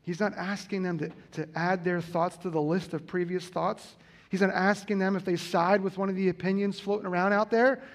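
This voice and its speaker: Male pastor, high-pitched, earnest sermon delivery with repeated key lines. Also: little pitch movement, normal speed.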